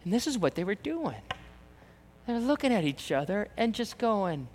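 A man's voice: high voice, sing-song, normal speed, darkish tone. A man preaching a sermon as pastor, emphatic, repeating phrases and acting out the voices he quotes. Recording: reverberant hall, long echo.

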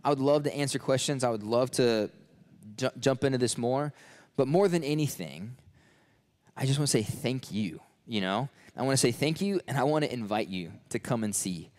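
A man's voice: mid-range voice, animated, normal speed, darkish tone. A man who leads a ministry, giving a sermon and a fundraising appeal in an earnest, casual way, with frequent restarts. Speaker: ministry leader.

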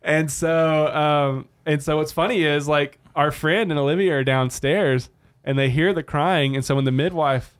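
A man in his thirties, co-hosting a podcast, telling a long story in casual chat and acting out the quotes with lively shifts of voice. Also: a little high, normal speed, no echo, studio quality. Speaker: podcast co-host.

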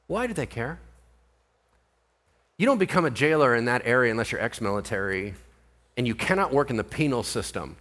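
A male pastor preaching with animated, conversational energy. His voice is bright and forceful, and it swings widely up and down as he throws out rhetorical questions. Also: mid-range voice, a little fast, long pauses. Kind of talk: sermon.

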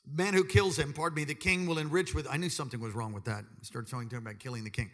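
A middle-aged man preaching a sermon, telling a story with jokes and swinging from quiet asides to loud exclaiming in a church service. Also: a little high, steady tone, quick pace. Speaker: pastor.

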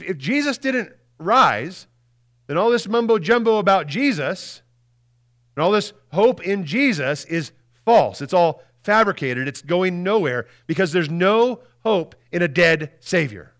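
A male pastor giving an Easter Sunday sermon in a casual, animated way, often repeating words and asking "right?", moving between loud emphasis and hushed lines. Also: on the high side, moderate pace.

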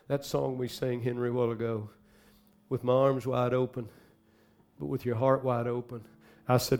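Dramatic male preacher with soft music. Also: mid-range voice, flat delivery, moderate pace. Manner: dramatic, swings from hushed to loud. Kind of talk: sermon. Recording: faint music behind.

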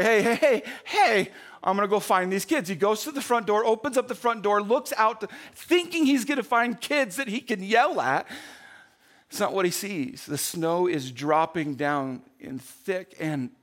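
A man with a slightly high voice preaching a sermon and telling a story. He swings between loud, quick bursts and hushed, slow passages. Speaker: pastor.

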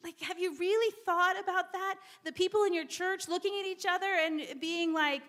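A woman's voice: very high-pitched, fairly even intonation, moderate pace, fairly bright tone. A woman preacher giving a sermon in a church, repeating words and dropping to whispers for emphasis.

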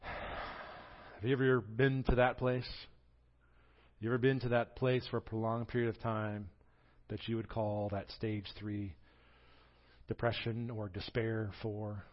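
Animated Southern preacher, slightly dull sound. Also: male voice, lowish voice, unhurried, long pauses. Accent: Southern American. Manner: animated storytelling, acts out quoted voices. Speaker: pastor. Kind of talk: sermon.

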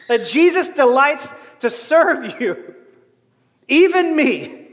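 A man preaching a sermon, earnestly retelling a storybook before turning it into a lesson. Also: very high voice. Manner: earnest, storytelling, soft for the tale. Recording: hall reverb.

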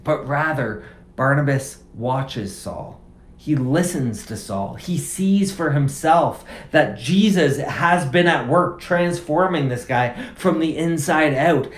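Man, preacher, sermon, conversational, repetitive emphasis, slightly high voice, roomy echo. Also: slow. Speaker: pastor.

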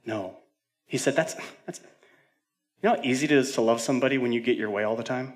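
A male pastor preaching a sermon, moving between loud urgent declarations and hushed near-whispered storytelling, with casual fillers and self-deprecating humor. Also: medium pitch, a little fast. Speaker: senior pastor.

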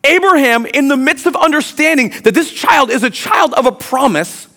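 A man preaching a sermon as pastor, reading scripture aloud and swinging from quiet, drawn-out lines to loud, emphatic ones. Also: very high voice, lively intonation.

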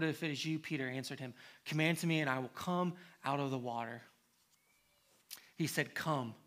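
Male pastor, sermon; fairly high, tense voice; reads scripture, then builds to emphatic appeals. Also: fairly bright tone. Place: church.

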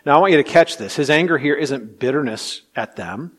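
A man's voice: fairly high pitch, expressive, brisk, hardly any pauses, husky. Dynamic male pastor preaching. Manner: dynamic preaching, swings from loud to hushed, acts out quotes. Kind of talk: sermon.

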